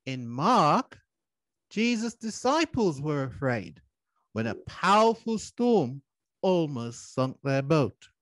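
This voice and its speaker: A man preaching a sermon over a video call, laying out his points in a measured way. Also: a little high, sing-song, fairly bright tone, dry recording. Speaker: pastor.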